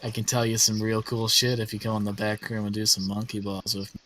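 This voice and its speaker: A man voicing a greasy, pushy male schemer in a tabletop game, with a deep wheedling voice. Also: level tone, fast, a bit bright, slight background noise, close to an everyday voice.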